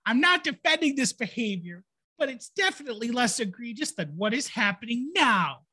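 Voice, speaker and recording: A woman's voice: on the high side, big pitch swings, moderate pace, bright, forceful tone, breathy edge, full character voice. A woman voicing a whiny middle-aged dad as she mockingly reads his complaint letter aloud. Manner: whiny, indignant, mocking read. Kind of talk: mock reading of a complaint letter.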